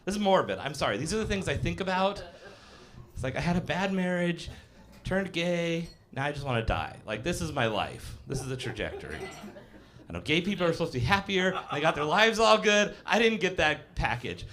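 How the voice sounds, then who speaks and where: On a live comedy cafe stage, a stand-up comic in his fifties delivers a rambling, self-deprecating set. His slightly high voice is sing-song, fairly quick and a bit bright, loaded with fillers and acted-out voices.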